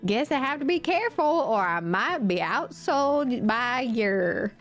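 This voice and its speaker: A woman voicing a jovial old male sailor with a put-on salty accent, booming and teasing. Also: huge pitch swings, takes it slowly, darkish tone, faint music behind, exaggerated voice. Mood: boisterous.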